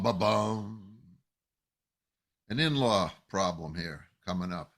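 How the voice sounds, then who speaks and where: A man, a rabbi, teaching a Torah lesson with animated storytelling, acting out the people in the text. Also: medium pitch.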